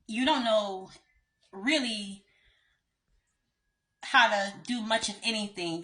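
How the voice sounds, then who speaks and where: A Southern woman with a slight lisp tells stories in a chatty, animated vlog. Her voice is bright and clear, with a loose, conversational manner. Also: mid-range voice. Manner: chatty, animated storytelling with light laughs. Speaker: lawyer. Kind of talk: casual storytime vlog.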